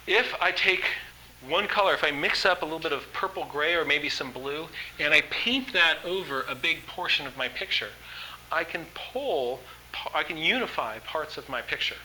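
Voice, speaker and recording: Guy teaching a drawing workshop, super bright sharp voice, chatty and eager, lots of ums. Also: fairly high pitch, lively intonation, normal speed, slight background noise, poor audio. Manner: enthusiastic, conversational, with frequent fillers. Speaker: art instructor. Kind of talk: workshop lecture.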